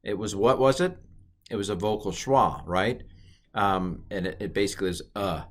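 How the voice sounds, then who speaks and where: A middle-aged man teaching an online Hebrew lesson in a playful way, with jokey asides. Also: normal speed. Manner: playful, jokey asides, lively swings in pitch.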